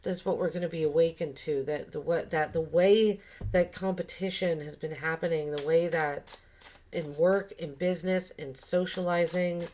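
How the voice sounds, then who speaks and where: A woman's voice: lowish voice, steady tone, normal speed, mellow. A woman giving a casual tarot reading, thinking aloud and musing with many fillers and restarts. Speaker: tarot reader.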